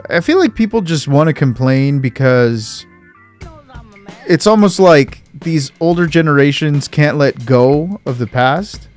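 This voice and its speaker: A man's voice: on the high side, animated, measured pace, a little mellow, soft background music. A young man co-hosting a casual podcast, blunt and opinionated, swearing freely as he rants. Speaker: podcast co-host.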